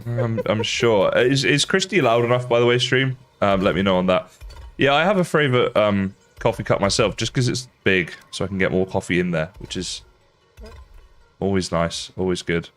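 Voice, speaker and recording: A man's voice: lowish voice, moderate pace, fairly bright tone, soft background music. An English man with a slight Australian tinge, chatting casually and rambling to viewers while he plays a game on a livestream. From England.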